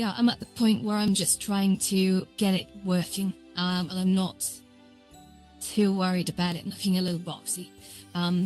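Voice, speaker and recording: Rambling woman live-streaming while she codes. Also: medium pitch. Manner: rambling and self-deprecating, lots of filler words. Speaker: streamer building a VR world. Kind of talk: casual live-stream commentary while coding.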